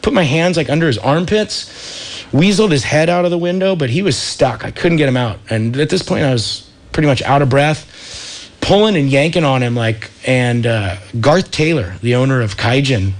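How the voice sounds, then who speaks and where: Guesting on a radio talk show, this Santa Cruz wetsuit company founder in his thirties spins a story in relaxed surfer talk full of "like" and "dude." His mid-range voice moves at a moderate pace with lively intonation.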